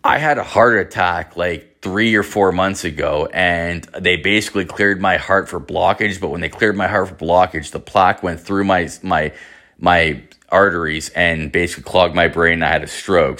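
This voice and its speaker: Deadpan storytelling man. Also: low voice. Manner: profane, dry deadpan asides. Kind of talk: casual storytelling.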